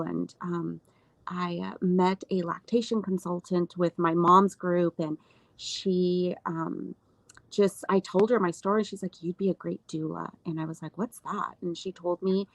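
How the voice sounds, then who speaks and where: A woman postpartum doula talking as a guest in a casual interview, earnest, with many fillers and lively retelling. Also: lowish voice, gravelly, dry recording, rough recording.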